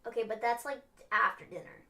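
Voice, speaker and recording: Young american woman, kinda high bright voice, rambles on with lots of "like". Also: a little fast. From United States. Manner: rambling, heavy use of "like". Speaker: co-host. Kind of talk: casual livestream chat.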